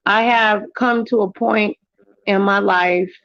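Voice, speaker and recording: On her livestream, the female host chats casually and tells animated stories, leaping into high-pitched voices whenever she quotes someone. Her pace is slow and the sound quality is lo-fi.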